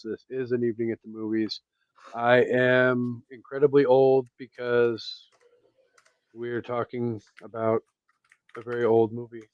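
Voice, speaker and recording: A man hosting a movie podcast in casual chat, excitable and swearing freely. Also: medium pitch, no echo. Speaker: podcast host. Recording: dry, dull lo-fi sound.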